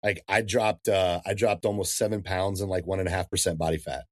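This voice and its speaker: A man in his thirties, a fitness coach talking in a casual podcast interview, animated and slangy, calling people dude and man. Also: deep voice, fairly quick, no room sound.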